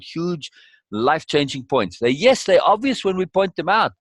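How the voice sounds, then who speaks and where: A man's voice: fairly high pitch, sing-song, moderate pace, no echo. A man leading a course session in conversational teaching style, emphatic and repeating key words for weight.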